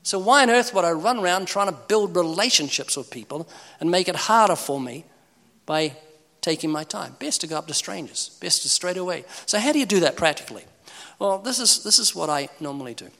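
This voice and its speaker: Animated evangelist. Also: male voice, high voice, a little fast, gravelly. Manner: animated, humorous, acts out conversations. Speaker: evangelist speaker. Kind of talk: preaching talk with acted dialogues. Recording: echoey hall reverb.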